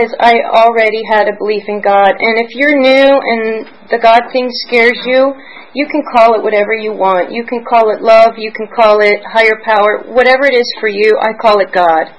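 A woman in her forties from Pennsylvania sharing her personal story at a recovery meeting, rambling and candid, emotional at times, with soft laughs. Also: a little high, low-quality recording. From Pennsylvania, United States. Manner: emotional and searching.

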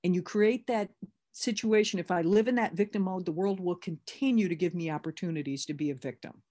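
A woman's voice: on the low side, brisk, mellow. A woman talking candidly and emphatically as a sponsor teaching recovery step work in a conversational workshop.

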